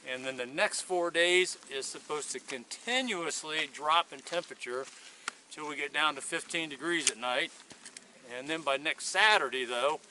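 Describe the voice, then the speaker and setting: A man's voice: on the high side, moderate pace, pushed and bright, a little hiss or hum. A man chatting to a handheld camera outdoors on a hiking trail, rambling through a long story in a casual vlog. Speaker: hiker vlogging his thru-hike. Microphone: handheld video camera.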